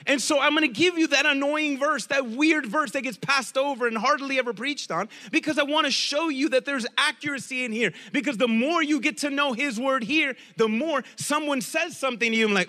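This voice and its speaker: A middle-aged man preaching a lively sermon as pastor, with joking asides and key phrases said again and again. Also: extremely high pitch, brisk, hardly any pauses, long reverb tail.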